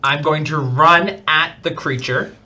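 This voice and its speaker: A man playing a tabletop game, declaring his attacks and rolls in an unhurried way. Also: fairly high pitch, bright, forceful tone, a little hiss or hum. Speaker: player.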